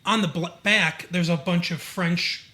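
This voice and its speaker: A man's voice: high voice, fairly even intonation, a little slow, sharp tone. A man from Michigan co-hosting a podcast, rambling through a TV episode with many fillers and acting out the scenes. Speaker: podcast co-host. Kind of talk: casual chat about a TV show.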